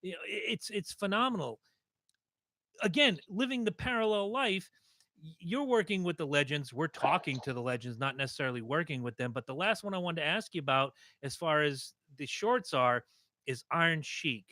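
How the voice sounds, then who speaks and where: Bright, animated male podcast host. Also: fairly high pitch, moderate pace, no echo. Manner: animated, acts out quotes in loud voices. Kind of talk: casual podcast interview.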